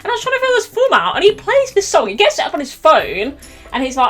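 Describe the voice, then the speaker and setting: A young woman chatting through a storytime vlog, animated and laughing often as she acts out the quotes. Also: high voice, fast talker, faint music behind. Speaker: YouTuber telling a story. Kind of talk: casual storytime chat.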